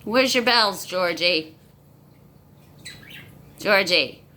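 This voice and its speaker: A woman's voice: on the low side, animated, very slow, sharp tone, a little hiss or hum. Coaxing woman talking to her pets. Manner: coaxing, sing-song baby talk to animals. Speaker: pet owner. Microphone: phone camera.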